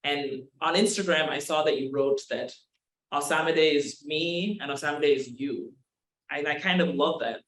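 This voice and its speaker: A man's voice: fairly high pitch, normal speed, fairly bright tone. A man hosting an interview, asking loose, rambling questions. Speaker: interview host. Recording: roomy with faint noise.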